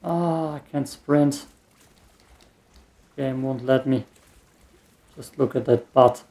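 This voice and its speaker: Guy rambling through a game, slow, mellow low tone, trails off a lot. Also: gravelly. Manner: meandering, mumbled asides. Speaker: gaming streamer. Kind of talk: let's play commentary.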